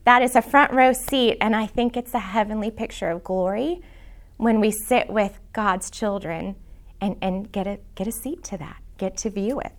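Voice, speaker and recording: A middle-aged woman teaching a church prayer class, earnest and emotional, dropping into soft whispers when she quotes prayers. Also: medium pitch, steady tone, normal speed.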